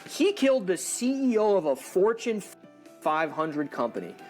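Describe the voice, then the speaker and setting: Give me a rambling male podcast host, a bit high-pitched. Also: sing-song, soft background music. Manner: rambling, quick bursts, laughs often. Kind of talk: political podcast discussion.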